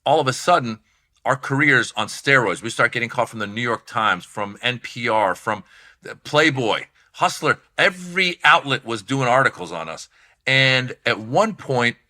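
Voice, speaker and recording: Bright-voiced storytelling man. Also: medium pitch. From Iran. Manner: animated, acts out voices in anecdotes. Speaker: comedian guest. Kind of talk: casual storytelling chat.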